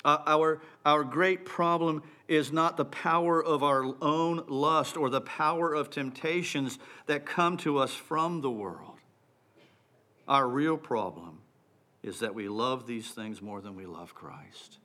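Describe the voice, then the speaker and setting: A man's voice: fairly high pitch, slow pace, sharp tone. A man preaching a sermon, emphatic and building to exclamations.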